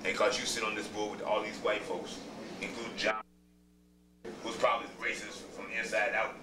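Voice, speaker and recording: A man's voice: on the low side, flat delivery, brisk. A man speaking at a public board meeting, rambling and emphatic. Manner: rambling, emphatic, keeps saying "guess what". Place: meeting room, indoors. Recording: echoey room from far off, clear noise.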